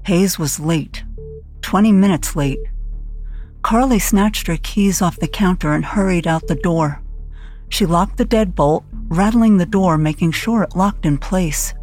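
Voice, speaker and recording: A woman narrating an audiobook thriller in a steady, dramatic reading voice. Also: lowish voice, unhurried, faint music behind.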